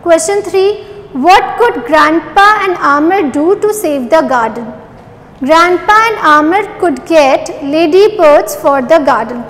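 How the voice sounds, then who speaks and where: A woman's voice: very high voice, expressive, slow, in a large hall, rough recording. A woman teacher revising a lesson with young children, spelling words out letter by letter and repeating each answer. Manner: asks questions then repeats the answers.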